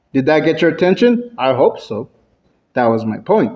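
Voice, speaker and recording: A man delivering a prepared club speech, playing with his pitch and loudness for effect. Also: very animated, moderate pace, highs cut off. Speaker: Toastmasters club speaker. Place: club meeting room.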